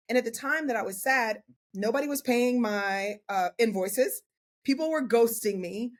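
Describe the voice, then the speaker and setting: A woman in her forties, a portrait photographer guesting on a podcast, telling her story in a candid, animated way. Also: fairly high pitch, normal speed. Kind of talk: casual interview chat.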